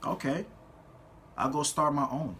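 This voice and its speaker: Man, motivational speaker, forceful bright voice, fairly high, preachy, loud emphatic peaks, drawn-out words, faint background hiss. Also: lively intonation. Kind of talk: impassioned motivational speech.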